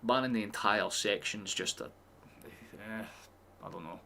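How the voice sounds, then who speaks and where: A man's voice: lowish voice, measured pace, gravelly, bright, forceful tone, a little hiss or hum. A man streaming a live football watchalong, chatting casually and swearing freely as he reacts to the match.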